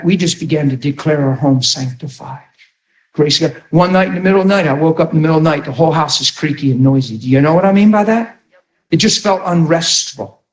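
A man's voice: fairly high pitch, reverberant. A man preaching a sermon in a conversational, emphatic way, often repeating words as he starts a thought.

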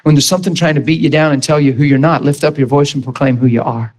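His voice is on the high side, a little mellow, fairly even in intonation, and quick. The man preaches informally to a Bible school class with earnest emphasis, laughing often, joking with students, asking questions, and acting out quoted voices.

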